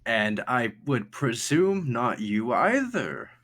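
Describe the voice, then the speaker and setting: A man's voice: medium pitch, very animated, slow pace, fairly bright tone, pitched above the performer's own voice, heavily acted. A man voicing a fussy, evasive ship's officer who stammers and talks politely with sly asides.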